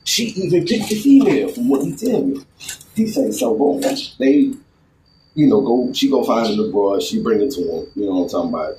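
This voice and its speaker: Man, casual storyteller, slangy, animated, lively pitch, low mellow tone. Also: brisk, a little hiss or hum, poor audio. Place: outdoors in a garden.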